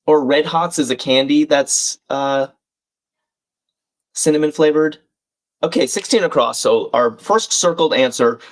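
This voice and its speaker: A man hosts a live crossword stream and chats casually. He thinks out loud, reads clues and viewers' names, and tosses friendly asides to his chat. His voice sits at an everyday middle pitch. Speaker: livestream host.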